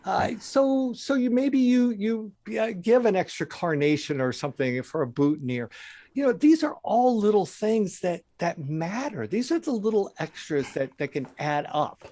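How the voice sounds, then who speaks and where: A man's voice: high voice, sing-song, moderate pace, dark tone. A man appearing as a guest on a podcast, a speaker and trainer who talks reflectively and often agrees with short interjections.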